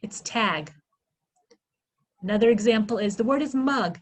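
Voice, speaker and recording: A woman giving a literacy workshop, sounding out phonemes slowly and asking questions she answers herself. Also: fairly high pitch, expressive, poor audio. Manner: slow, exaggerated sounding-out of phonemes; asks questions then answers them herself. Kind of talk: instructional presentation.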